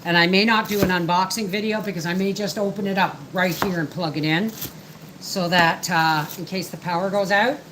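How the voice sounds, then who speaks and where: The homestead live-streamer, a middle-aged woman, talks fairly quickly in a lowish, fairly even voice. She rambles casually as she works and answers her viewers against a noisy background.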